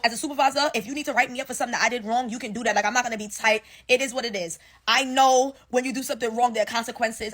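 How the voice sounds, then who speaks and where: A young woman telling a casual storytime rant about her job, profane and slangy, acting out what people said. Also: a little high. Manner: animated, profane, slangy storytelling with acted-out quotes. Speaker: storyteller ranting about work. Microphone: phone selfie video.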